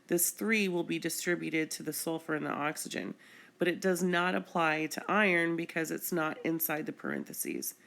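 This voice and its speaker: A woman's voice: deep voice, lively intonation, normal speed, creaky, a bit bright. A woman chemistry teacher explaining a screencast lesson patiently, step by step.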